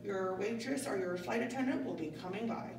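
A woman's voice: medium pitch, fairly quick. A woman preschool teacher leading pretend-play as check-in agent, flight attendant and pilot, in a playful sing-song way. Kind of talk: classroom pretend-play as airline staff and pilot. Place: preschool classroom. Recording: echoey room, distant mic, steady noise.

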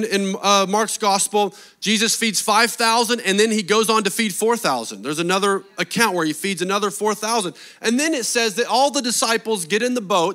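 A man delivering a sermon with a high-pitched, sharp and forceful voice. He preaches with energy and pushes his listeners with rhetorical questions. His delivery is animated. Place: church service.

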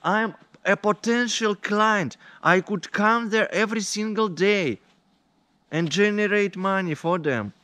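Man, indignant vlog rant, unhurried delivery, fairly high voice. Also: bright, forceful tone, no room sound. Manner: indignant, deliberate storytelling. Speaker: vlogger. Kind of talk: complaining vlog monologue.

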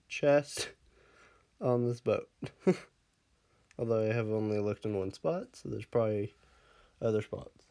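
A man's voice: medium pitch, measured pace, pauses often, darkish tone, smooth. A man casually commenting on his game as he plays, laughing often and scolding his pet dog in the game before fussing over him. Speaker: Minecraft let's player.

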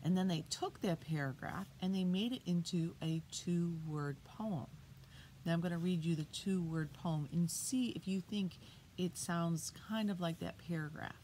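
A middle-aged woman teacher reading poems aloud to children, booming out the sound words and asking them questions. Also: unhurried, mellow, slight background noise. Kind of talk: read-aloud poetry lesson for children. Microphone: iPad.

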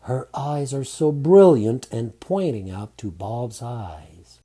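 A man narrating a romantic audiobook in a calm, unhurried reading. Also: medium pitch, slightly rough.

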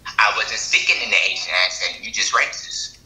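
Crude mocking man, bright voice. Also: fairly low pitch, animated, a little fast, poor audio. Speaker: stranger on video chat. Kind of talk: casual trash talk.

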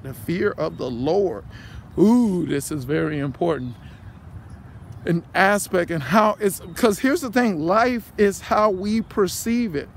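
Walking by a pond outdoors, a man preaches casually in a walking vlog sermon, rambling and repeating phrases into a handheld phone. His voice sits high and creaky, with slight background noise.

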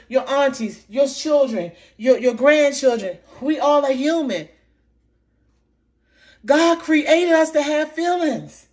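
Upset woman venting on camera. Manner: impassioned, repeating herself, voice dropping low and soft when recalling hurt. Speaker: vlogger. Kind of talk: emotional commentary vlog. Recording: faint background noise.

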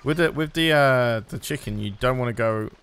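A man's voice: medium pitch, moderate pace, a bit bright, smooth. Muttering, swearing game streamer, a man. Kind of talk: casual gameplay commentary.

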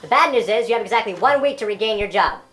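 A woman's voice: medium pitch, lively intonation, quick pace, fairly bright tone, soft background music, natural voice. A woman playing a brash, abusive male sales boss from the North Pole in an amateur comedy parody, swaggering and berating.

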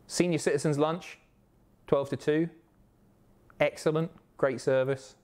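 A man from the Isle of Wight, chatting casually and excitably on a live stream, swearing often. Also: on the high side, unhurried. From Isle of Wight, England. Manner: excitable, sweary, reads chat aloud.

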